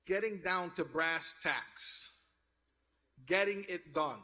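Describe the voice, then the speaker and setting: A man's voice: fairly high pitch, slow, bright, forceful tone. A man giving a sermon, telling a story and then urging his listeners on with rising fervor. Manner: storytelling, rising to fervent exhortation. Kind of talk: sermon with told joke.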